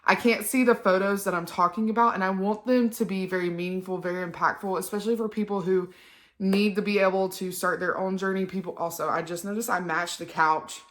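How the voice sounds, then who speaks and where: A woman's voice: mid-range voice, fairly even intonation, a little fast. A young woman, talking one-on-one to her phone camera in a personal vlog, chatty and emotional with many ums. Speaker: vlogger. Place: indoors at home on a couch.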